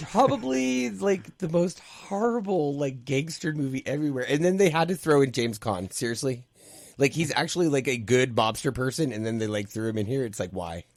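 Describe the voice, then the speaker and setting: A man's voice: medium pitch, expressive, moderate pace, no room sound. Sarcastic male movie reviewer. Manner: sarcastic, heavy use of "like". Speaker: podcast co-host. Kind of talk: casual movie review chat.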